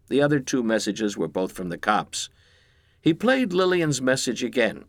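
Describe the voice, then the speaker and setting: A man reading a comic story aloud in scripted narration with a deadpan, expressive delivery. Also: on the low side, normal speed, no echo.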